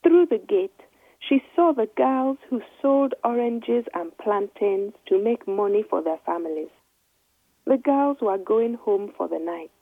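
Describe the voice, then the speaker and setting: A woman reading a children's story aloud in gentle, measured narration. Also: medium pitch, expressive, breathy edge, no room sound. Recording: dry, tinny phone-like line.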